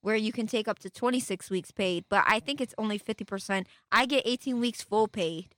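A young woman talking in a loose podcast chat, her voice bright and forceful. She speaks bluntly and swears freely, with an animated edge. The sound is dry and close. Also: medium pitch, a little fast, dry recording. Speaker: podcast co-host. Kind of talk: casual chat.

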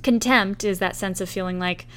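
A woman's voice: medium pitch, moderate pace, slight background noise. Woman talking through her points conversationally. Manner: conversational, explains with acted-out example quotes. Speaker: podcast host. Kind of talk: solo podcast talk on relationships.

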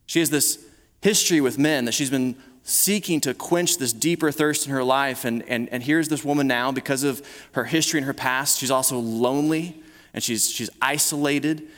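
A man's voice: medium pitch, normal speed, a bit bright. A male pastor preaching a conversational sermon to a live congregation, often restarting his words as he talks. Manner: conversational preaching with frequent repeated starts. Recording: long reverb of a large hall.

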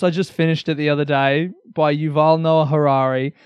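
A man's voice: a little high, little pitch movement, moderate pace, clean tone, dry recording. A young Australian man hosting a solo comedy podcast, rambling energetically with lots of swearing and self-mockery.

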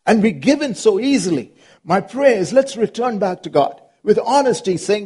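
A man's voice: sits high, animated, moderate pace, warm tone, slightly rough. A man preaching an earnest sermon as pastor, repeating phrases and rising into passionate, pleading prayer.

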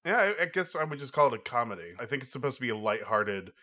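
A man chatting casually about a movie, halting and restarting often with lots of fillers. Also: mid-range voice, animated, bright, forceful tone. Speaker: podcast co-host. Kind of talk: casual film review chat.

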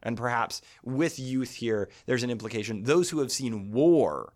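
A man's voice: medium pitch, unhurried. A man hosting a podcast, explaining a poem's rhyme and meter in a thoughtful lecturing manner. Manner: thoughtful, explanatory, reads quoted verse aloud. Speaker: podcast host discussing poetry. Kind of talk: spoken lecture on poetry.

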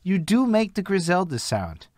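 A man's voice: high voice, huge pitch swings, moderate pace, darkish tone, dry recording. Dry-sounding young male podcast host. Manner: loose, swearing, jokey slang. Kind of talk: casual podcast chat.

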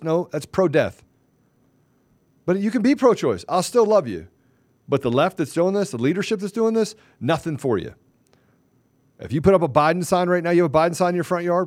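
A man's voice: fairly high pitch, animated, a little fast, a little mellow, dry recording. A man hosting a talk show, talking in a heated, emphatic ranting way. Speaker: show host. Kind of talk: casual political talk show chat.

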